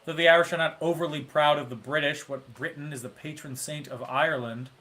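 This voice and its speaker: A man's voice: a little high, steady tone, fairly quick, pushed and bright. Wry joking male trivia host. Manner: joking, wry asides between quiz answers. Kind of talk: casual live-stream hosting.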